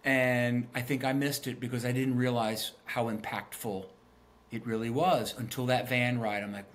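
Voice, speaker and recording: A man's voice: mid-range voice, fairly even intonation, moderate pace, a bit bright, slight background noise. A middle-aged man and guest musician telling stories earnestly and reflectively in a casual interview, often repeating words as he thinks.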